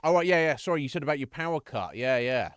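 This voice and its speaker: A man's voice: medium pitch, expressive, fast talker, clear, resonant tone, no echo. A man streaming a game, chatting loosely, swearing and laughing at what happens. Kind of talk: live gaming commentary.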